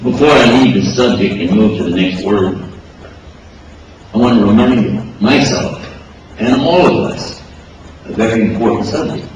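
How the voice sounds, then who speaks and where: A man's voice: on the low side, measured pace, pauses often. A man preaching in a conversational way, full of rhetorical questions and everyday examples, recorded in a large hall. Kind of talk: sermon. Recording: very echoey hall, mic far off, noisy.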